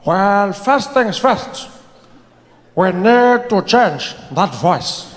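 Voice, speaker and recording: A man doing a slow, grave old Mandela. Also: high-pitched, expressive, in a large hall, a little hiss or hum, full character voice. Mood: instructive. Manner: slow, deliberate, weighty pauses. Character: elderly male Mandela impression, slow and grave.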